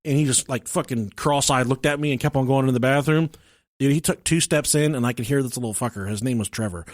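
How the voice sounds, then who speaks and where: Quick-paced and mid-range, the man's voice comes through at studio quality with no room sound. As a podcast co-host, he chats casually through a long, cursing tale, performing the quotes of people in it with yells and laughter.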